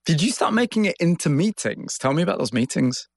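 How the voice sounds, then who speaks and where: A man's voice: a little high, animated, brisk, gravelly, breathy edge, no room sound, clean studio sound. A man interviewing a guest, asking curious questions and thinking aloud about the answers. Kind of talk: interview conversation.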